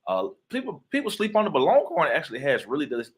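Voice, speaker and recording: His voice sits on the high side and swoops wildly in pitch as he talks fast. The young guest author and actor is in a casual interview, playfully telling stories and acting out quoted voices.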